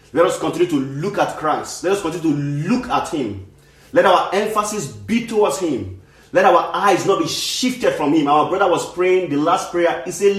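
A man's voice: high-pitched, fairly bright tone. A man preaching a sermon in earnest, repeating and restarting phrases for emphasis. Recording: echoey room.

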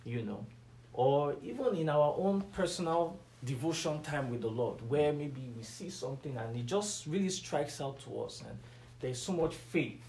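A man's voice: fairly high pitch, lively intonation, moderate pace, darkish tone, echoey room. A man teaching from the Bible in a conversational sermon style, asking his listeners questions and leaning hard on key words. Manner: builds to emphatic, rising stresses on key words; asks the listeners questions, waits for replies. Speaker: preacher.

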